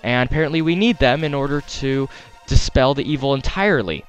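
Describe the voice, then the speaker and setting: A man's voice: medium pitch, brisk. A man with a Wisconsin accent giving casual, playful gameplay commentary as a let's play host, chatting to game characters and correcting himself as he goes. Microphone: desktop headset mic. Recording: faint game music behind.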